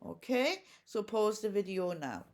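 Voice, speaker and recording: A woman's voice: medium pitch, very animated, measured pace, darkish tone. A woman teacher giving a recorded home-learning lesson, explaining each step patiently and asking questions as she goes. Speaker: primary school teacher.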